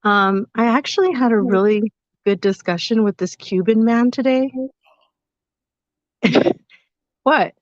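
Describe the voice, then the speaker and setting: A woman's voice: medium pitch, a little slow, pauses often, dry recording. A woman co-hosting a casual podcast, telling a story about her day in a chatty, teasing way. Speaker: podcast co-host. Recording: slightly muffled, dry sound.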